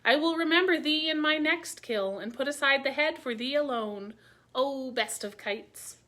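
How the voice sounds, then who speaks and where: A woman voicing a sleek male panther who speaks in a brisk, decisive way in a storybook reading. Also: a little high, bright, forceful tone. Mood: grateful.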